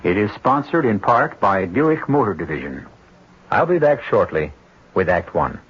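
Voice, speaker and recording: An older man hosting a radio mystery drama, narrating in a measured, wry manner with dramatic pauses. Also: lowish voice, very animated, background noise. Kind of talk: scripted narration. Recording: dull lo-fi old radio broadcast with music.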